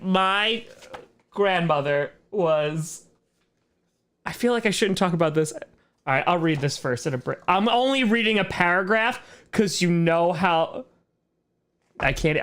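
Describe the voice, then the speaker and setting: A man with a fairly high voice hosts a relaxed livestream question-and-answer session. He rambles, cuts himself off and laughs between thoughts, then turns earnest when sharing his views. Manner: rambling, self-interrupting, laughs often. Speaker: streamer host. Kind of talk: casual livestream Q&A chat.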